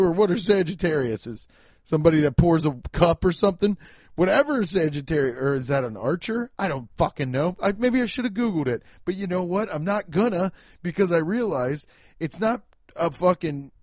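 Loud, emphatic young man ranting. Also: fairly high pitch, dry recording, clean studio sound. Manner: loud, emphatic, swearing, self-mocking. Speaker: podcast host. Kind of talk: casual solo podcast rant. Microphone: home podcast mic.

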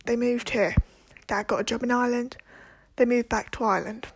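A young woman with a high voice rants through a casual solo monologue. She sounds exasperated, swears freely and keeps slipping into whispered asides. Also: fairly even intonation, fairly quick, breathy edge. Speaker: podcast host.

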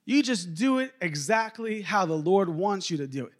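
A male pastor preaching a sermon, animated and chatty, calling out to the congregation and chuckling often. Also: sits high, normal speed.

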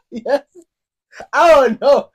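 A young man in casual chat, telling childhood stories in an animated way, laughing often and acting out quoted voices. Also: extremely high pitch, drawn-out words. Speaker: storyteller.

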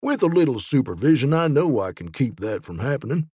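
A man's voice: medium pitch, very animated, brisk, mellow, breathy edge, dry recording. A man voicing Zeke, an earnest male Time Ranger explaining and defending a case, in a storybook reading. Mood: urgent. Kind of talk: storybook character voice.

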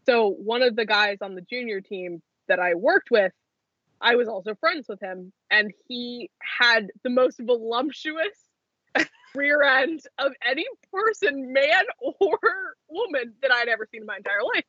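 A woman's voice: fairly high pitch, measured pace, husky, no room sound, muffled recording. A young woman co-hosting a casual podcast, telling stories with lots of laughter. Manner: animated storyteller, laughs often. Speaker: podcast co-host.

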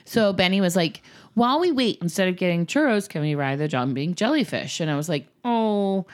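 A mother in her thirties telling a chatty, animated family story, acting out the quotes in casual conversation. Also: fairly low pitch, quick pace. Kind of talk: casual chat.

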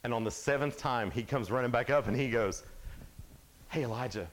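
A man giving a youth sermon, telling a Bible story in an animated, casual way, full of "like" and quick asides. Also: medium pitch. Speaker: youth speaker.

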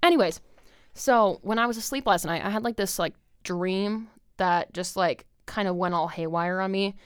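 A young woman hosts a podcast and tells a long, rambling story in a casual monologue, heavy on fillers like "like" and full of swearing. Her mid-range voice moves at normal speed with a clean tone, recorded in studio quality with no room sound.

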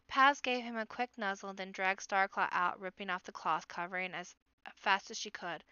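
Bright-voiced woman reading a storybook. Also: medium pitch, fairly quick, smooth, no room sound, lo-fi sound. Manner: expressive storybook narration. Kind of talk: reading a children's novel aloud.

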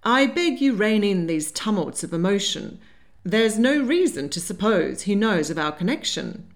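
A poised, worldly grandmother who meets every alarm with dry amusement. A woman acts her out in an audiobook reading. Her lively voice moves up and down, never in a rush. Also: mid-range voice, moderate pace. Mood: amused.

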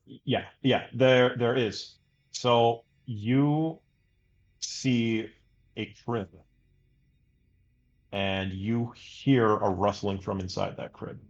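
A man running a tabletop horror game as game master, narrating scenes in a slow, measured way. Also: mid-range voice, steady tone, lo-fi sound.

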